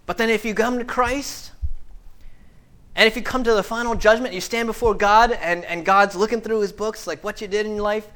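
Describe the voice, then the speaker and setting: A man preaching a sermon in a somewhat high voice. He acts out short scenes and dialogue, swinging from loud, punchy lines to hushed asides. He often repeats words and restarts his sentences as he goes. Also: fairly quick. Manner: animated, acts out dialogue with big swings in loudness.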